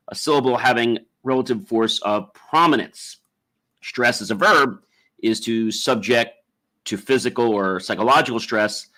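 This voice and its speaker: Man, podcast host, lowish voice, rambling, lots of ums and uhs. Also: a bit bright. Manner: leads a slow guided breathing exercise. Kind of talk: solo podcast monologue.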